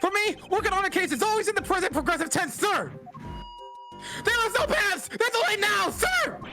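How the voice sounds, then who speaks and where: Player yells as an eager young bailiff, high and bright, snapping out each line with "sir". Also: big pitch swings, a little fast, soft background music, full character voice. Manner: shouting, saluting every line with "sir". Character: loud eager young male court bailiff. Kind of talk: voice acting over a game.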